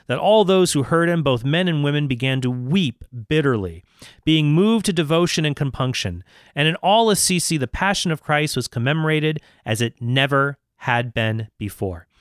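A man speaks with a slightly raised pitch and an animated storytelling delivery. He slows down to read quotes with weight. The sound is close and dry, with no room in it. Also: no echo. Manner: animated storyteller, reads quotes slowly and emphatically. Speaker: Catholic speaker and author. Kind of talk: lecture-style talk on saints.

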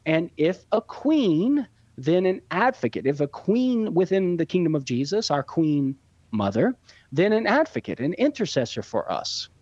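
A man explaining church teaching on a radio call-in show, measured and teacherly, laying out points step by step. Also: a little high, no room sound, lo-fi sound. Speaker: guest Catholic apologist answering questions.

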